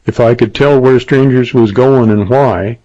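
A wary but smooth-talking frontier hotel keeper, as a male reader voices him, folksy and easy. The audiobook sound is dry and a little dull. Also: medium pitch, unhurried, warm tone, no room sound, lightly acted.

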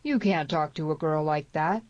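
A woman's voice: deep voice, normal speed, darkish tone, dry recording, close to an everyday voice. A woman narrator voicing a folksy frontier man who grumbles and bends his grammar. He sounds rustic and put-upon. The audiobook sound is dry and a little dull. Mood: grumbling.

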